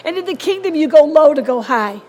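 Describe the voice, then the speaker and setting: A woman's voice: high-pitched, lively intonation, brisk, a little mellow, soft background music. A woman preaching a sermon in an earnest, repetitive way and closing in prayer.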